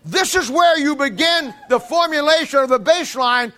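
A high-voiced male preacher delivers his sermon at normal speed in an animated, joking manner, bright and forceful throughout. He stammers over restarts and acts out little scenes along the way.

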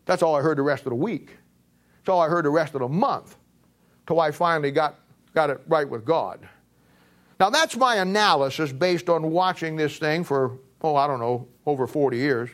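A middle-aged man preaching a sermon, telling a personal story and swinging from emphatic peaks to low, quiet stretches. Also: lively intonation, normal speed. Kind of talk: sermon testimony.

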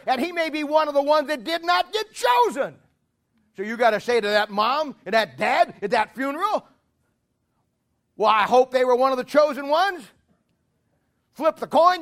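A man preaching in a very high voice. He talks in a folksy, conversational way, jokes with his congregation and breaks into emphatic shouts to press a point. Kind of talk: sermon.

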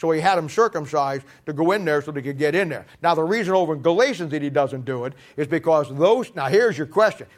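A man preaching a lively sermon, telling Bible stories with shouted lines, quiet asides and laughter. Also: on the high side, fast, hardly any pauses. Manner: animated, swings from shouting to quiet asides, laughs at his own jokes. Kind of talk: sermon with storytelling.

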